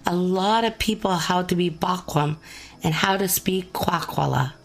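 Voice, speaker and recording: A woman's voice: fairly low pitch, measured pace, creaky, rough recording. A woman hosting, narrating short bridges and chatting casually, laughing along with her guest. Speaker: host.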